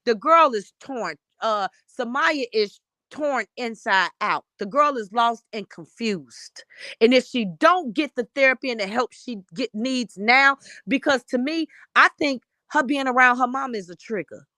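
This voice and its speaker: A woman's voice: fairly high pitch, expressive, a little slow, pushed and bright, dry recording. Fiery, profane woman ranting. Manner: blunt, profane, fired-up ranting. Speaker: panelist. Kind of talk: heated live-stream commentary.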